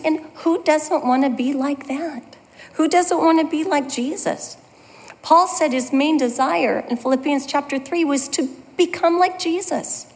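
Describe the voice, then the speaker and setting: A woman teaching a Bible study in a conversational, self-deprecating storytelling manner. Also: sits high. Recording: long hall reverb.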